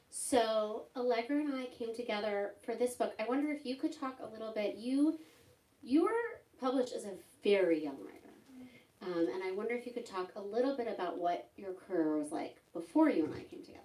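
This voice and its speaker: A woman literary agent hosting an onstage talk at a bookstore, chatty and excited, with plenty of fillers. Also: mid-range voice. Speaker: literary agent, event host. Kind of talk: conversational onstage interview. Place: bookstore event room. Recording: roomy hall sound, distant mic.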